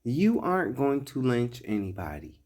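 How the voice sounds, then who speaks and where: A man's voice: medium pitch, wildly swooping pitch, moderate pace, a little mellow. A man giving blunt, profane, mocking reaction commentary on a clip.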